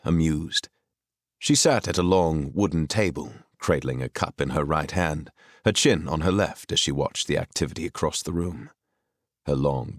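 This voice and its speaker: Deep-voiced male audiobook narrator. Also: dry recording, studio quality. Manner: expressive storytelling. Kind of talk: scripted narration.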